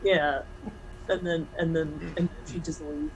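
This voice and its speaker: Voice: medium pitch, flat delivery, slow, a little hiss or hum, low-quality recording. A player in a tabletop role-playing game asking short, playful questions.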